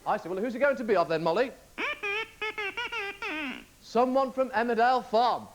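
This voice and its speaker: A young man in his 20s from England's West Midlands does live comedy patter on a TV studio stage before an audience, scolding and coaxing his puppet partner. His voice is extremely high and animated at a normal speed, and the broadcast is loud and noisy with clicks.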